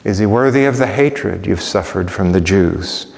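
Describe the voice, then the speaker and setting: A pastor preaching a sermon through a string of rhetorical questions. He swings from ringing emphasis down to hushed softness. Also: deep voice, expressive, moderate pace, creaky. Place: church sanctuary. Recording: long reverb of a church hall.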